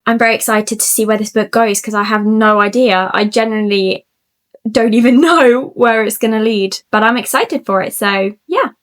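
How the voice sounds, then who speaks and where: Excitable woman gasping through a book reaction. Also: on the high side, moderate pace, no echo, studio quality. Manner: chatty, many fillers like "like" and "what the hell". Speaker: book vlogger. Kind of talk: casual reading-reaction vlog.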